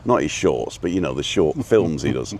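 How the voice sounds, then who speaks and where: A man's voice: a bass voice, very animated, moderate pace, a little mellow, a little hiss or hum. A man hosting a live walking show outdoors, chatting casually, cracking jokes and reading out viewer names. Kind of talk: casual live-stream chat. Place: outdoors on a street in a seaside town.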